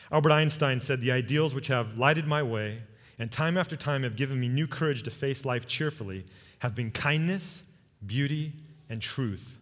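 A man preaching a sermon as pastor, telling a personal story with earnest warmth and leading the congregation in repeated phrases. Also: medium pitch. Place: church sanctuary. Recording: long reverb of a large hall.

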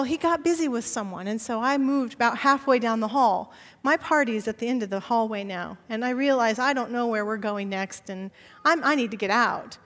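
Woman pastor, high voice, lively sermon storyteller, church reverb. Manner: animated storytelling, acting out dialogue. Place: church sanctuary. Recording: long church hall reverb.

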